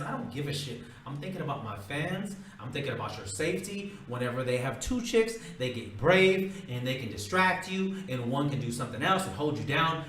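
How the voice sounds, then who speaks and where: A man's voice: mid-range voice, big pitch swings, moderate pace, a bit bright. Man, blunt and emphatic, casual profane advice, roomy echo, distant mic. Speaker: dating-tips vlogger.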